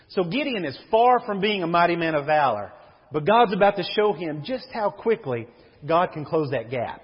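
Animated preacher in a reverberant hall. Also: male voice, high voice, moderate pace, husky. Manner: animated preaching, reads scripture aloud. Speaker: pastor. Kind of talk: sermon. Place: church sanctuary. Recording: dull recording in a reverberant hall.

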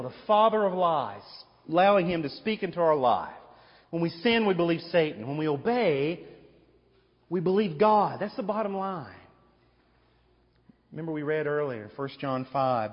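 A male pastor with a fairly high voice preaches emphatically, hammering points with repeated questions. His voice rings through a church hall with long reverb, and the recording sounds dull and lo-fi. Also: very animated, moderate pace. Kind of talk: sermon.

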